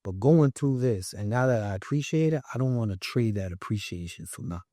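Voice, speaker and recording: Animated New York man telling a story. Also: on the low side, fairly quick, dry recording, clean studio sound. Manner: animated, acts out quoted voices. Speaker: podcast guest. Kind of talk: casual storytelling.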